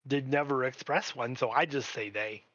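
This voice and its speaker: A player joking in an earnest, deadpan way during tabletop role-play, with slightly muffled, dry stream audio. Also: medium pitch, normal speed, dry recording.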